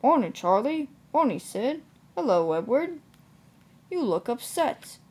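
A woman's voice: a little high, very animated, a little slow, darkish tone, voice pushed up. A woman voicing a kindly, cheerful male village vicar in a storybook reading. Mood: friendly.

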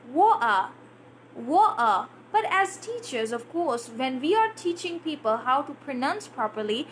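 A woman's voice: high-pitched, a little hiss or hum. A woman English teacher answering viewer questions in a live lesson, reading out comments and demonstrating pronunciation. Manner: chatty, reads out viewer comments and answers them; demonstrates pronunciation by exaggerating words.

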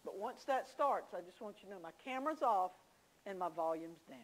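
A woman's voice: mid-range voice, animated, brisk, poor audio. A woman teaching a church class, telling homey stories with confiding asides. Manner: folksy storytelling, confiding asides.

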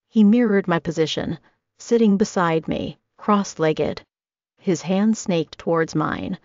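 A woman's voice: on the low side, gravelly, a little mellow, no room sound. A woman narrating a first-person romance audiobook in a wry, confiding manner. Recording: dull lo-fi recording.

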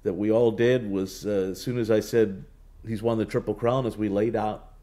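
A man with a fairly low voice speaks as a race announcer being interviewed. He tells his stories loosely, circling back with fillers and restarts. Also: moderate pace. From United States. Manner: relaxed storytelling with many restarts and fillers. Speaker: horse racing announcer, guest. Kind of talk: casual interview talk.

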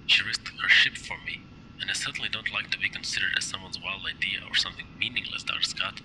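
A man's voice: deep voice, fast talker, lightly acted. An actor playing a proud, blunt male starship captain giving clipped commands. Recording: game audio with steady background noise.

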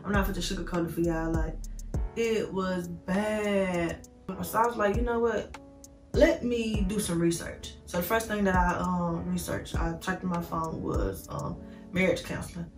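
Woman telling her story on a vlog, candid and rambly, keeps saying like, kinda far from the mic, soft music under it. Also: lowish voice, fairly even intonation, normal speed, roomy sound. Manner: talks straight to viewers as "y'all". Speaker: vlogger.

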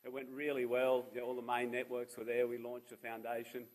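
A man's voice: medium pitch, completely flat delivery, brisk, a little mellow, poor audio. Australian man in his fifties telling stories. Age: 50s. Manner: humorous, self-deprecating storyteller. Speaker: charity founder giving a seminar talk. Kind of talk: public talk with personal anecdotes.

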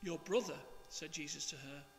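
A man, a priest, reading the Gospel and preaching in a slow, measured, expressive way. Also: on the high side, creaky, big-room sound, slight background noise.

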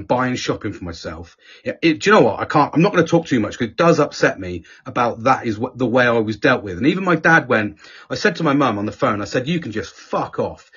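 This podcast guest is a man whose medium-pitched voice has a fairly bright, slightly rough tone. He relates personal stories in an open, conversational way, swearing all the time and frequently restarting sentences, and the recording sounds dull and lo-fi.

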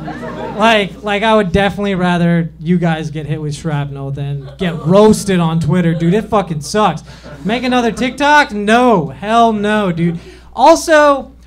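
A young man doing a rambling, self-deprecating stand-up set on a comedy club stage, with plenty of fillers and restarts. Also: high-pitched.

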